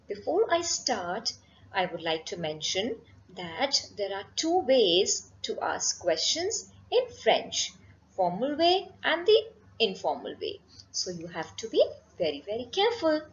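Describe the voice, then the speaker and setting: Slow-paced woman teaching a language lesson. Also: mid-range voice, highs cut off, a little hiss or hum. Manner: slow, careful, repeats words. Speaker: French teacher. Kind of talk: classroom lesson.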